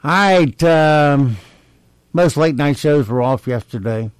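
A man hosting a talk show, introducing comedy clips in a relaxed, chatty way. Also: fairly high pitch, slow, smooth, dry recording. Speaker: radio host.

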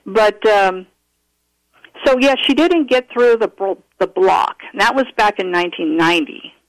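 A man calling in to tell a personal story, earnest and animated, often restarting his sentences. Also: sits high, a little slow, pauses often, no room sound, low-quality recording. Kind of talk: casual storytelling interview.

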